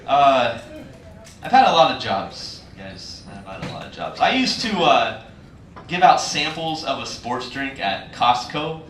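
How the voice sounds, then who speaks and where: A man's voice: mid-range voice, sing-song, measured pace, slight background noise. A man performing a stand-up comedy set, acting out the voices of people in his stories. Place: comedy club stage. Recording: echoey club, mic far, loud crowd laughter.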